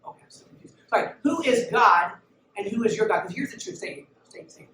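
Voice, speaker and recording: Emphatic youth pastor preaching in an echoey room. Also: male voice, high voice, expressive, fast talker, pushed and bright. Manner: emphatic, urges listeners to look and listen. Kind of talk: sermon. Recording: echoey room, mic at a distance, background noise.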